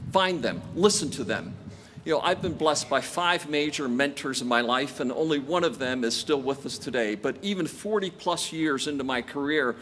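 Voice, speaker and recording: A man's voice: a little high, fairly bright tone, slight background noise. Older man giving a commencement address. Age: 60s. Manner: storytelling with self-deprecating jokes. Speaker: commencement speaker. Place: large outdoor graduation ceremony.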